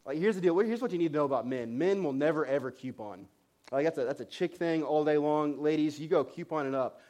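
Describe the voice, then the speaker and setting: A pastor in his thirties preaches to his congregation in a noticeably high voice at a brisk pace. He tells his story animatedly and self-mockingly, often restarting phrases.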